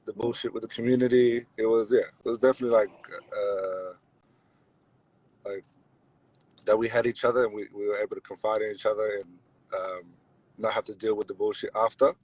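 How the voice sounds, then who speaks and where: A man's voice: fairly low pitch, fairly even intonation, a little fast, darkish tone, husky, rough recording. A young man from Australia, a podcast guest, chatting in a laid-back way with lots of fillers and laughs. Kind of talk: casual chat.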